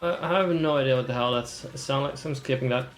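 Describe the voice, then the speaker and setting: A man's voice: mid-range voice, fast talker, faint music behind. A young man streaming a game, reading its dialogue aloud in voices and adding wry, sardonic commentary.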